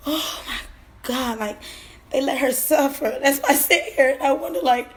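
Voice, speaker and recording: A woman's voice: high voice, normal speed. A grieving mother crying as she tells her story at home, her voice breaking as she repeats herself. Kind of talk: emotional personal testimony.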